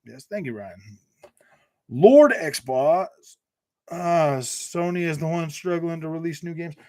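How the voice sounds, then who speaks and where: A man in his thirties hosts a casual gaming live stream, reading out viewer comments and answering them in a rambling, joking way. His voice sits a little higher than most men's. He laughs often and tends to repeat and restart his sentences. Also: slow, darkish tone, a little hiss or hum. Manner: chatty, joking, many restarts and fillers. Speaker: gaming channel host reading live chat.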